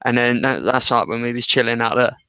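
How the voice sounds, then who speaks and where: A man's voice: mid-range voice, steady tone, brisk, sharp tone, clean tone, dry recording, dull audio. A young man co-hosting a casual chat, telling rambling, sweary stories. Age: young adult. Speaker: podcast co-host.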